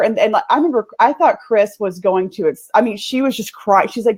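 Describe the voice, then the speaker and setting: A Texan woman chats as a guest, telling a story in a folksy, laughing way. Her pitch swings widely, rising and falling as she talks. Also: animated, fast talker, few pauses, darkish tone, husky. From Texas. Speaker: guest, agency owner. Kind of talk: casual interview chat.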